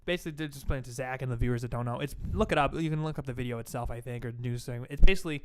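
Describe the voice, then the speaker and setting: A young man co-hosting a podcast in casual chat, retelling stories in an animated way, full of fillers. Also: mid-range voice, a little hiss or hum. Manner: animated, fast, excited retelling with many fillers. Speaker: podcast co-host.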